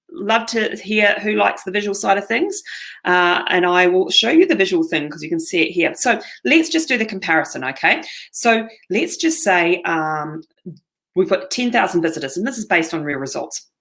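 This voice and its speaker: A woman's voice: mid-range voice, a bit bright. A middle-aged woman with a New Zealand accent presenting a live marketing webinar, talking straight to her viewers and often checking in with "okay?". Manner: upbeat, addresses viewers directly, frequent "okay?" check-ins. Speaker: seminar presenter.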